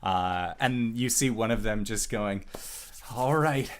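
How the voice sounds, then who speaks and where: Man, game master, slow, lowish voice, hesitant with fillers. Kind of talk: narrating a tabletop game.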